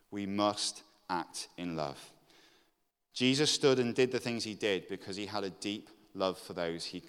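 A man's voice: low voice, a bit bright, clear, resonant tone. A man giving an earnest sermon to a congregation, candid about his own faults and rising to emphatic exhortation. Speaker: preacher. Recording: long reverb of a hall.

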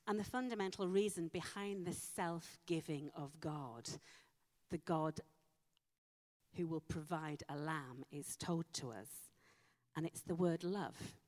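A woman preaching a sermon, slow and emphatic with dramatic pauses. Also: lowish voice, a little mellow. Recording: long hall reverb.

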